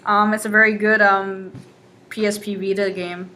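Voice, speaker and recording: A young woman from the Midwest co-hosting a podcast, making dry, deadpan jokes in casual chat. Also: mid-range voice, moderate pace, a little hiss or hum. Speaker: podcast co-host.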